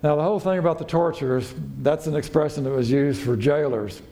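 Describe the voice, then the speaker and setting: Mellow-voiced pastor telling a story. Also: male voice, fairly quick, faint music behind. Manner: conversational storytelling, acting out quotes with raised pitch. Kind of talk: sermon.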